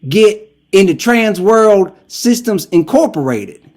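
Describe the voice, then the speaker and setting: A man's voice: high voice, animated, slow, a little mellow, voice pushed up. A man putting on a confused, crude caller with an exaggerated Southern accent for a prank phone call. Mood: baffled.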